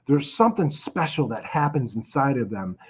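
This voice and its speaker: Man, guest on a talk show, rambling storyteller, full of restarts and fillers, mid-pitched voice. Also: sing-song, normal speed, breathy edge. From Chicago. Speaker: guest telling his recovery story. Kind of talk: casual storytelling.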